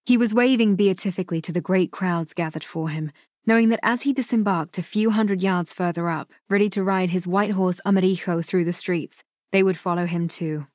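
Woman audiobook narrator, lowish voice, steady delivery, dry booth sound. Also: dry recording. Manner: measured, even storytelling.

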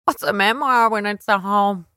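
A woman's voice: mid-range voice, moderate pace, sharp tone, dry recording, clean studio sound, pitched above the performer's own voice, natural voice. A woman voicing a teasing, condescending young man, the narrator's big brother, in a smirking, mocking way. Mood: scoffing.

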